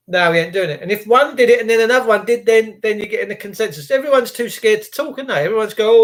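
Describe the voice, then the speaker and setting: A high-pitched man hosts a live stream and rants angrily. He swears freely and mixes sarcasm into his complaints. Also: fast, few pauses. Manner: angry, sweary, sarcastic ranting. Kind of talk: ranting live-stream chat.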